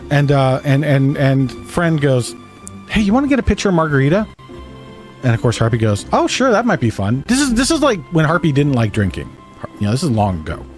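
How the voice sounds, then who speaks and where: A man's voice: mid-range voice, a little mellow. A man streaming a game, telling a rambling story in a casual, profane way. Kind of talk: casual storytelling while gaming.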